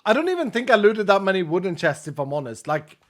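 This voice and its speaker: A man's voice: sits high, sing-song, quick pace. A man chatting casually and tiredly to viewers while streaming a game, joking and thinking aloud. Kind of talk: casual gaming livestream chat.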